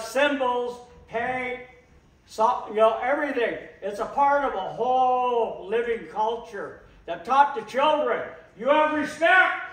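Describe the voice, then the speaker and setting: A man giving an impassioned public talk, slow and emphatic, repeating phrases for weight. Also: very high-pitched. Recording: echoey room, voice from a distance.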